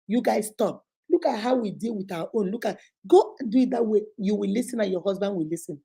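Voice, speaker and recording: This middle-aged host with a Nigerian accent talks fast and animatedly in a medium-pitched voice that's mellow yet creaky and slightly rough. Her relationship advice on the talk video comes across as earnest and emphatic, sprinkled with Igbo phrases.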